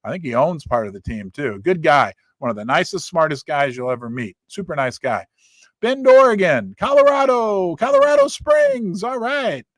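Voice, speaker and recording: A middle-aged man hosting a livestream in a casual chat style, reading viewers' names and places aloud in quick, animated bursts. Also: a little high, dry recording. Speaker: livestream host.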